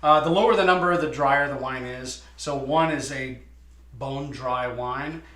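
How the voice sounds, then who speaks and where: A winemaker explaining his wines in a casual tasting chat, often pausing with "uh". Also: medium pitch, a bit bright. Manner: explanatory, many "uh" fillers. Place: winery. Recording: echoey room.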